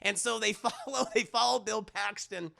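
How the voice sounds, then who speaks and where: A young man recapping a movie to his stream chat in an animated, profane way, acting out the characters. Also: sits high, normal speed, vocal fry. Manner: animated, profane, acts out characters in mock voices.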